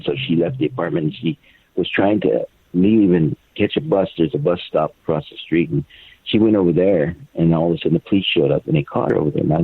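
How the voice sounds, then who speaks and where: A deep, low older man comes through a narrow, tinny phone line. His voice is gravelly and husky, and he speaks in a halting, stumbling way, often repeating words. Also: dry recording. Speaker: guest, father of the subject. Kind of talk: phone interview, personal account.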